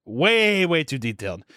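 A man co-hosting a podcast, telling animated, profane stories in casual banter and laughing often. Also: a little high, clean tone, no room sound. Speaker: podcast co-host.

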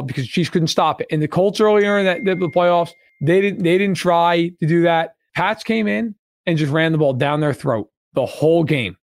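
Blunt, high-pitched man ranting. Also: animated, normal speed, hardly any pauses, dry recording. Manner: blunt, emphatic and profane, repeating points. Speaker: podcast co-host. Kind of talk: casual sports podcast discussion.

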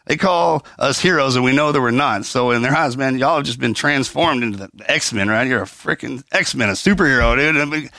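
A man talking in an animated, slangy way during a casual interview, dropping "man" and "dude" often. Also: mid-range voice, fairly quick, few pauses, no echo.

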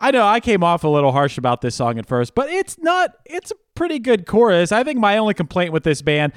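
A man's voice: high-pitched, big pitch swings, fast talker, no room sound, studio quality. A man hosting a music podcast, chatting casually and laughing between remarks. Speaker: podcast host. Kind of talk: casual chat.

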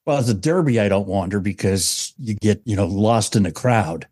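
A man's voice: fairly low pitch, normal speed, a little mellow, breathy edge, no room sound. A male podcast co-host telling golf stories with dry humor. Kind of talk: casual chat.

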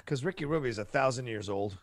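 A male host of a live online entertainment show, chatting casually, loud and excitable and quick to joke. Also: mid-range voice, no room sound. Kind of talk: casual chat.

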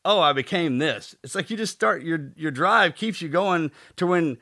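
A man's voice: on the high side, expressive, moderate pace, pushed and bright. A man hosting a podcast, musing in casual chat and laughing between his rambling thoughts. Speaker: podcast host.

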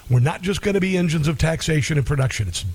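A man's voice: fairly high pitch, expressive, fast, darkish tone, husky, no echo. Blunt indignant talk radio host, a man. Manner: blunt, indignant, many ums and uhs.

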